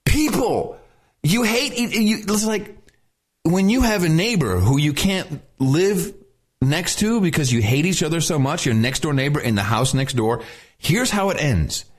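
A man's voice: a little high, big pitch swings, moderate pace. A man co-hosting a podcast, talking in a casual, exasperated, ranting way. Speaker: podcast co-host.

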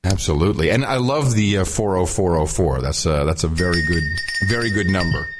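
A male podcast co-host who chats jokily about politics, animated and quick to laugh. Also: low voice. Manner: animated, laughs often, jokey. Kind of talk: casual political chat.

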